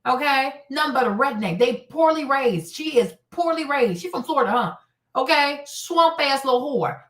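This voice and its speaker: Fiery high-voiced woman host ranting profanely in an echoey room. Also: animated, normal speed, fairly bright tone. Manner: heated, blunt and profane, repeating lines for emphasis. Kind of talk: casual commentary.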